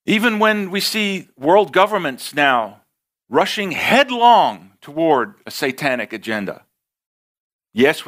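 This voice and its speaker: A man with an American accent preaching a sermon, rising for emphasis and slowing down to read scripture. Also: a little high, bright, forceful tone. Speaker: pastor.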